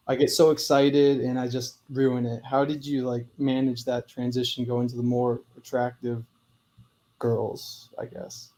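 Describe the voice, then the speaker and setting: Male caller, flat monotone, hesitant and filler-heavy, remote call audio. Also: medium pitch. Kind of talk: asking a question on a video call. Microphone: remote video call audio.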